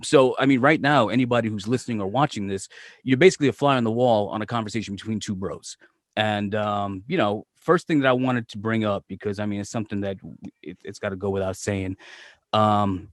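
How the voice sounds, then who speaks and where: A man's voice: fairly low pitch, a little fast, no room sound, clean studio sound. A man hosting a casual podcast chat, swearing freely and joking loosely with his guest. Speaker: podcast host.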